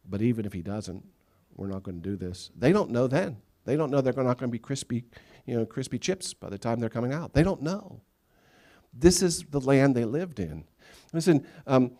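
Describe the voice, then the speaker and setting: A pastor preaching a sermon, telling Bible stories with humor and acting out the characters' lines. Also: male voice, medium pitch. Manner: animated storytelling, acting out biblical characters with humor. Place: church sanctuary.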